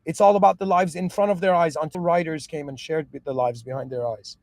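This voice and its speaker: A man's voice: a little high, steady tone, brisk, a little mellow, no echo. Earnest man musing, dry close sound. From moved to Canada at seven. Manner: earnest, restarts often, asks "do you understand?". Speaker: podcast host. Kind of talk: reflective monologue.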